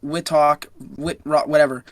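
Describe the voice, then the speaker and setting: A man's voice: on the high side, flat delivery, normal speed. A young man co-hosting a casual podcast, reading out news items and stumbling over names. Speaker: podcast co-host. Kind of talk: casual chat.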